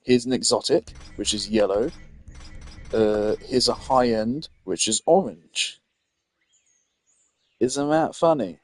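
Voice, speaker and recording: A man's voice: mid-range voice, measured pace, dry recording. A young man playing a game and chatting casually as he goes, opinionated and a bit tired, his voice often trailing off into mumbles. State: tired, yawning. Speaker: gaming streamer. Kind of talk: casual let's-play commentary.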